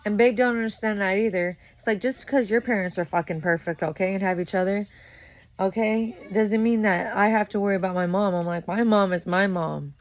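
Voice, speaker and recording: A woman's voice: medium pitch, fairly quick. A young woman venting in a casual monologue, cursing often and growing heated as she rants, worn out as a sleep-deprived new mother. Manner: profane, ranting, grows louder and heated. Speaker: vlogger.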